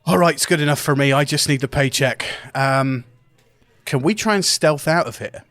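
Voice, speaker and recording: A man's voice: on the high side, normal speed, fairly bright tone, no room sound. A man playing a tabletop game, bluntly bossing others around in a brash, sweary way. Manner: brash, blunt and sweary, laughing between lines. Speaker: player. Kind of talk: in-character tabletop play.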